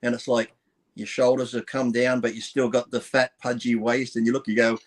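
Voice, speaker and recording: A middle-aged man telling profane, animated stories as a guest in a casual podcast chat. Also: mid-range voice, normal speed.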